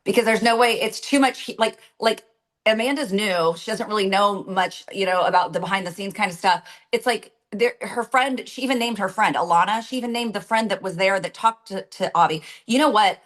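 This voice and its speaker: A woman's voice: mid-range voice, fairly quick, fairly bright tone. A woman co-hosting a casual recap chat, talking chattily and laughing often as she rambles. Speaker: podcast co-host.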